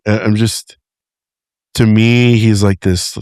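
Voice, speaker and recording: A man's voice: fairly low pitch, level tone, slow pace, a little mellow, clear, resonant tone, dry recording, clean studio sound. A man co-hosting a podcast in casual, rambling chat, often restarting and joking. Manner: rambling, self-correcting, jokey. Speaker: podcast co-host.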